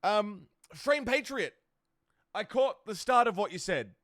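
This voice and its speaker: A man's voice: high voice, animated, unhurried, a bit bright, no echo, studio quality. A man streaming a game live, chatting casually with viewers and poking fun at himself. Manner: chatty, talks to chat, self-deprecating. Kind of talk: live gameplay commentary.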